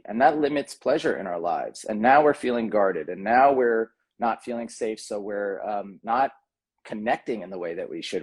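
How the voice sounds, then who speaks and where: A man's voice: medium pitch, darkish tone, slightly rough. A man speaking as a podcast guest, earnest and thoughtful, with frequent ums and restarts in a casual conversation. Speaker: podcast guest, tantra coach.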